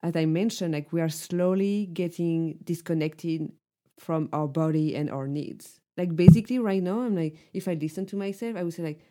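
A woman's voice: lowish voice, normal speed, mellow. A woman co-hosting a podcast, speaking earnestly in casual chat and filling her sentences with "like". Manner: frequent "like" fillers, earnest. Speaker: podcast co-host.

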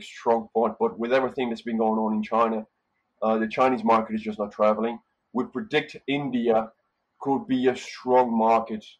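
Man from brazil chatting about hotel work, rambly, keeps restarting words, mid pitch. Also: lo-fi sound. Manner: rambling, repeats words while thinking. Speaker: hotel manager guest. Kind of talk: casual interview talk.

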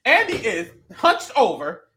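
A woman co-hosting a show, recapping in casual chat, animated and profane, often laughing. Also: fairly high pitch, a little slow, a crowd in the background. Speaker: podcast co-host.

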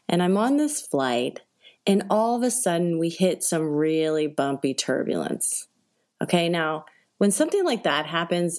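A woman telling a personal story in a chatty, animated way, acting out voices and reactions, with many fillers. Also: fairly low pitch. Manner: conversational, many fillers like "like" and "right?". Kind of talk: personal anecdote told to an audience.

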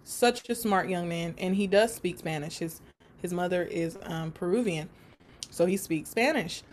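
A woman guest telling a story about her work in an interview, animated and laughing often. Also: fairly low pitch, normal speed, slight background noise. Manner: animated, laughs often, acts out quoted voices. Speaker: support worker for people with autism.

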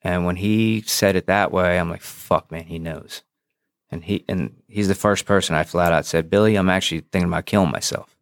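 A man's voice: low voice, fairly even intonation, brisk, clear, resonant tone, no echo, clean studio sound. A man and former police officer telling his own story on a podcast, frank and profane, acting out past conversations. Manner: frank and profane, re-enacts dialogue. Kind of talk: candid personal storytelling.

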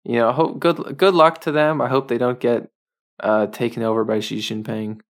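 A man's voice: mid-range voice, steady tone, normal speed. A man hosting a solo podcast in a casual, rambling monologue, full of fillers and wry asides. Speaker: podcast host.

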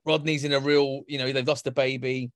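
A man talks earnestly on a podcast at a middle pitch. The sound is dry and close, with no room echo. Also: flat delivery, fairly quick. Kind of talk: casual chat.

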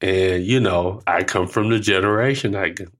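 Low-voiced older man, lively storyteller. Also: moderate pace. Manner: animated storyteller, acts out quotes with laughs; uses casual slang like finna and ain't. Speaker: podcast co-host. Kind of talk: casual chat.

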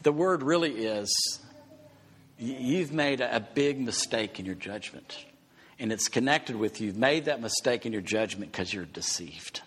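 Male preacher, husky, emphatic teacher, big reverberant hall. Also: medium pitch, lively intonation, unhurried, a bit bright. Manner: emphatic teaching with rhetorical questions. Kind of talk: sermon.

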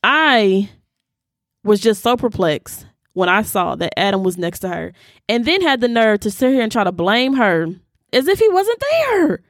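Lively woman host doing casual Bible teaching, a touch high-pitched, dry close-mic sound. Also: a little slow, no echo. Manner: animated, talks straight to listeners as "y'all". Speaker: podcast host teaching scripture.

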